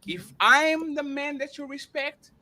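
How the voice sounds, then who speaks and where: A man's voice: extremely high pitch, measured pace, pushed and bright. A man hosting a podcast, arguing emphatically in a heated debate, interrupting and repeating himself.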